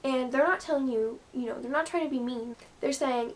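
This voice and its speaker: Chatty high-voiced woman giving advice. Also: brisk, a little hiss or hum. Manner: chatty, lots of "like" and "you know". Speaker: gymnast vlogger. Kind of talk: casual advice vlog.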